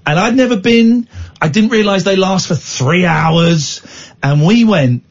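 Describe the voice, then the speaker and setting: Late-night radio host, man, joking and rambling, husky, sound a little dull. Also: high-pitched, animated, a little slow. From Britain. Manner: teasing, jokey, rambling.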